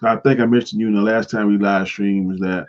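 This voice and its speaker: A man chatting casually on a live stream, relaxed and agreeable, making short remarks. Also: fairly low pitch, a little fast. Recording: dull, lo-fi audio.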